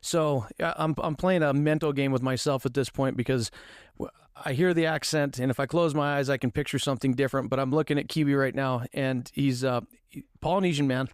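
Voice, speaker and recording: A man's voice: medium pitch, fairly even intonation, brisk, clean tone, no echo, clean studio sound. A man hosting a podcast, asking questions in a curious, conversational way. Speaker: podcast host. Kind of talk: casual interview.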